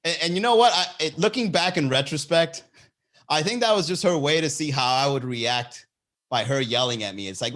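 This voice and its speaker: Animated, bright-voiced young man. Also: fairly quick. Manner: animated, swearing, acts out voices in a high pitch. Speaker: podcast host. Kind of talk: comedic storytelling.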